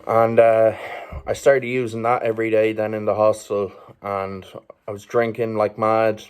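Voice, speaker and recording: A man's voice: lowish voice, level tone, normal speed, darkish tone, clear, resonant tone. An Irish man telling a personal story as a vlogger, rambling casually with swearing, fillers and chuckles. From Ireland.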